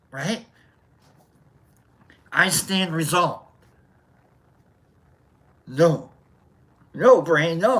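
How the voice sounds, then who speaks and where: A man's voice: on the high side, expressive, drawn-out words, long pauses, fairly bright tone, rough recording. A man hosting a livestream, casually reading out viewer comments and greeting each one by name in a rambling, jokey way. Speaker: livestream host.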